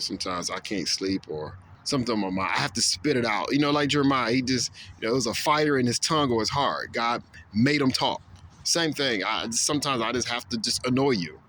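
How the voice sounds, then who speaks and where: A man's voice: medium pitch, bright, forceful tone, a little hiss or hum. A man talking straight to camera in a casual opinion monologue, repeating himself with stammered restarts and acting out quoted voices. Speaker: video blogger.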